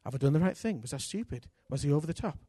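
A man preaching a sermon in an animated, candid way, with self-mocking humor. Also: a little high, very fast, husky, no room sound, clean studio sound. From Britain. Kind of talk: sermon with personal storytelling.

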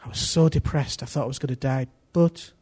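Husky-voiced preacher man, lively sermon. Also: medium pitch, brisk. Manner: animated, acts out congregation's voices, swings from loud to hushed.

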